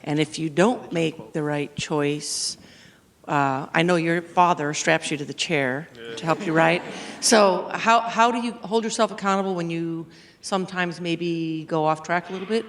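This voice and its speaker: A man who teaches high school, asking a student panel a question in an encouraging way, searching for his phrasing. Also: a little slow, fairly bright tone. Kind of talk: audience question.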